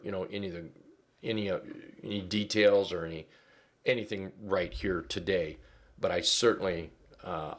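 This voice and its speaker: Deep-voiced man hosting a webinar. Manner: folksy, repeats key phrases, many fillers. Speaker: trading webinar presenter. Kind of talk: casual live webinar talk.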